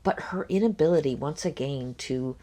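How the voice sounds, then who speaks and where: A woman with a low voice talks through a reaction commentary, pausing often with ums. She is critical and speculative, weighing each point as she goes. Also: dark tone. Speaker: commentary host. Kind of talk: reaction commentary on a podcast clip.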